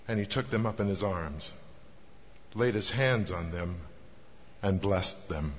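A man reading a scripture passage aloud in a measured, solemn way. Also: deep voice. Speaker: scripture reader. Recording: dull, long reverb in a hall.

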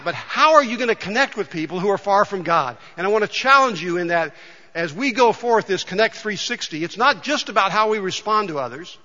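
A male pastor preaching a sermon in a conversational, storytelling way, often dropping soft and quiet. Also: sits high. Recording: dull sound with long hall reverb.

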